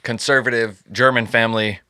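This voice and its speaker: Guy hosting a podcast, swears a lot and jokes around, bright voice, dry close mic. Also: mid-range voice, steady tone, brisk, clean tone, dry recording. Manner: profane, joking storyteller. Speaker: podcast host. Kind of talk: casual chat.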